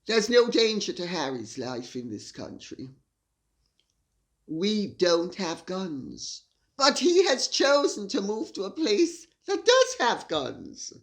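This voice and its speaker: A woman's voice: mid-range voice, wildly swooping pitch, slow. A woman hosting a solo commentary monologue, speaking in an arch, wry, theatrical way. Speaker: host.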